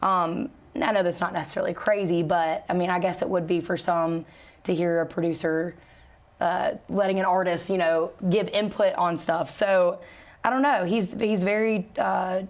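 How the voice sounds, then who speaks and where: A woman singer being interviewed, talking in a relaxed, chatty way with easy laughs and plenty of fillers. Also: fairly low pitch, moderate pace. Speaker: country singer and guest. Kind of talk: casual interview chat.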